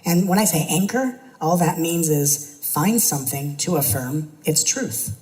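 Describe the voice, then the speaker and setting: A man's voice: on the high side, animated, a little slow, darkish tone, poor audio. A man, a spiritual teacher, giving an earnest talk to an audience, building his points through repetition and now and then slipping into playful mimicry.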